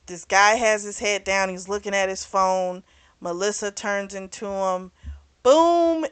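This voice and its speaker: Smooth-voiced woman recapping a book. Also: mid-range voice, a bit bright, dry recording. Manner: chatty retelling with fillers and restarts. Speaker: book reviewer. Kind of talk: casual plot recap.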